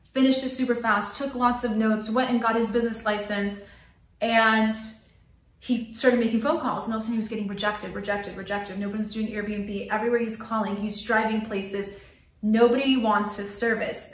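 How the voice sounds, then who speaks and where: A woman's voice: a little high, reverberant. A woman vlogger giving an earnest motivational talk to camera, repeating phrases for emphasis. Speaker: lifestyle vlogger.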